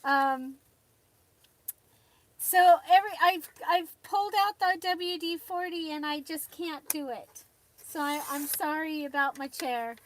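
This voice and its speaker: A woman with a high, fairly bright voice speaks at an unhurried pace. She's hosting a casual live stream from her craft desk, chatting with viewers, greeting them by name, and laughing often.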